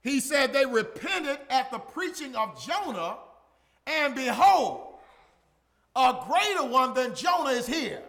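Guy preaching real high-pitched, repeats himself, shouts then drops way down. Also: big pitch swings, slow. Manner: emphatic, repeats lines, swings from shouts to near-murmurs. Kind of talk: sermon.

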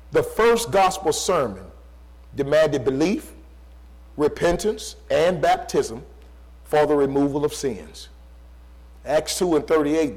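A man preaching a sermon, repeating rhetorical questions, swinging between loud emphatic pleas and low, quiet passages. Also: poor audio.

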